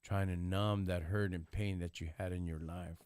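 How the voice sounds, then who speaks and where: Man, very deep voice, streetwise slang, blunt and preachy, dry close sound. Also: fairly even intonation, normal speed, darkish tone, smooth, dry recording. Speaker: live stream host. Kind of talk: casual chat.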